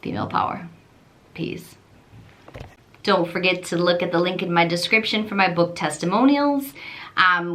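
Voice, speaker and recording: A woman's voice: lowish voice, fairly bright tone. A woman travel vlogger and self-published author telling a story in an upbeat, chatty way. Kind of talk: casual vlog storytelling.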